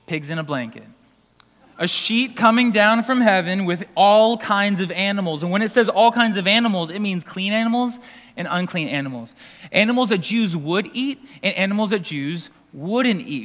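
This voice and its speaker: Man, pastor, sermon, lively storytelling, slightly high voice, long hall reverb. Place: school auditorium used for worship.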